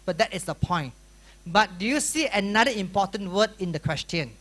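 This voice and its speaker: A middle-aged man with a Malaysian English accent, giving a lively workshop lecture that is full of questions and teasing to a room of students. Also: high-pitched, moderate pace. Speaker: workshop teacher. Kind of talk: classroom lecture.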